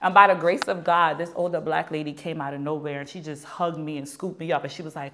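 A young adult woman being interviewed, telling a long story in a lively way and acting out the people in it. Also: sits low, fast, hardly any pauses. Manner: animated, acts out quoted dialogue. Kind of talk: storytelling anecdote.

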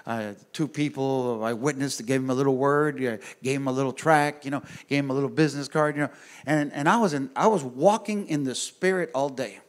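A male pastor telling a story in a casual, animated way to a men's group at church, talking straight to his listeners. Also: mid-range voice, fairly quick. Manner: animated, conversational, addresses the audience directly. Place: church gathering room.

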